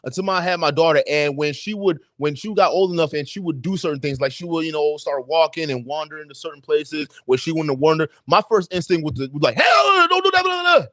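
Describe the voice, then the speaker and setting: A young adult man on a livestream chat, telling personal stories in a lively, profane way and acting out the voices of people he quotes. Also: a little high, quick pace, few pauses, no room sound. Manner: animated storytelling, acts out quoted voices, profane. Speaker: podcast co-host.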